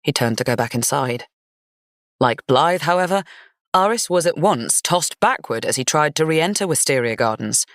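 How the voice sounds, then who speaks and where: A woman narrating a gothic fantasy romance audiobook in an even, measured storytelling manner. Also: very deep voice, dry recording, studio quality.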